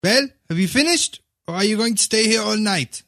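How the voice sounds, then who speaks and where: Guy doing a high shrill bossy waitress mom, snapping and impatient, dry close sound. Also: animated, normal speed, creaky, no room sound, full character voice. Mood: scolding. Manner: sharp, bullying, impatient. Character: harsh, scolding middle-aged cafe waitress mother. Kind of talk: audiobook character voice.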